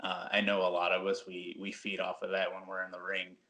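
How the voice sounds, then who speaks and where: A man who is a professional wrestler, giving relaxed, rambling interview answers full of "like" and "um". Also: low-pitched, fairly quick.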